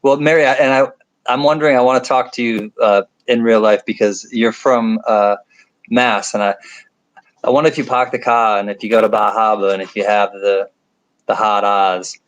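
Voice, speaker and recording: A man's voice: lowish voice, fairly even intonation, moderate pace, rough recording. A middle-aged man with a nasal upstate New York accent, hosting a casual livestream chat at home at night, joking and rambling as he reads viewer comments. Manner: rambling, joking, self-deprecating asides. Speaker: livestream host reading chat.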